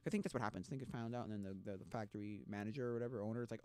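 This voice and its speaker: A man streaming a casual chat, rambling and halting with restarts, often mocking the people he talks about in put-on voices. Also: lowish voice, dark tone, clear, resonant tone, no echo.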